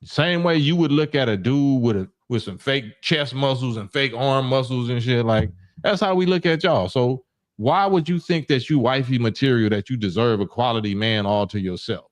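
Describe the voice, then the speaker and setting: A man's voice: mid-range voice, moderate pace. A middle-aged man from Los Angeles hosting a livestream call-in, talking bluntly in casual street slang with frequent restarts. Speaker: livestream host.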